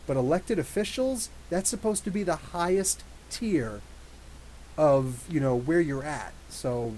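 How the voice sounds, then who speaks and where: Lively chatty guy on a live stream, voice all over the place, bit of hiss. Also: fairly high pitch, rough recording. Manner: animated, rambling, quick asides, laughs often. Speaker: podcast host. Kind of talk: live stream chat reading super chats.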